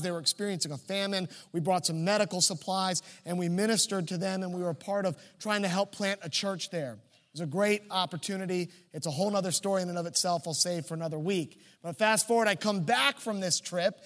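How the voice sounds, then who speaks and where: High-voiced pastor telling a story. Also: male voice, fairly bright tone, in a large hall. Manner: conversational, humorous storyteller. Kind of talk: sermon with personal storytelling.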